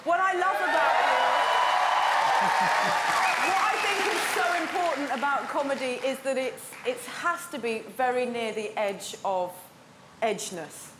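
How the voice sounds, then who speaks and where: Female talent show judge, effusive and high-voiced, roomy theatre with a noisy crowd. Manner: effusive and enthusiastic. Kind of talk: gushing live feedback. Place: large theatre.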